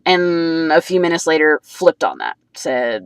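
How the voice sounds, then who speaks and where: A woman's voice: low voice, lively intonation, slow, few pauses, fairly bright tone, clean tone, dry recording. A woman vlogger venting a personal story in a rambling, agitated, profane way.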